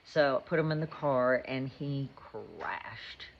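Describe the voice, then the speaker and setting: A woman's voice: very deep voice, expressive, slow, vocal fry, lo-fi sound, a little hiss or hum. A woman, a mother, telling a rambling, chatty story about her day in a casual vlog. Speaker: mother and vlogger. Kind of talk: casual chat.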